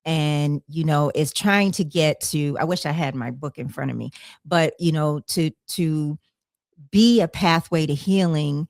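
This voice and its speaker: A low-pitched woman hosting a podcast, chatting over a video call. She rambles, circling back with fillers and restarts. The sound is dry and close. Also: measured pace, vocal fry, darkish tone, no room sound. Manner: rambling, with many fillers and self-corrections. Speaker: podcast host. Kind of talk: casual conversation.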